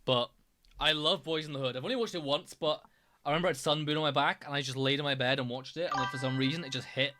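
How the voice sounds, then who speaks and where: A man's voice: on the high side, fairly even intonation, quick pace, bright, forceful tone. A man chatting casually as a streamer reacting to videos, enthusiastic and rambling. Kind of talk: casual chat.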